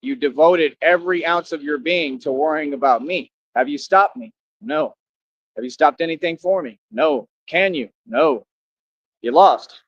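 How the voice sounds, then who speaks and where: A man's voice: fairly high pitch, moderate pace, few pauses. A young man in a boastful, confrontational monologue to the camera, full of slang and rhetorical questions. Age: young adult. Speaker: vlogger. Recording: dull lo-fi sound.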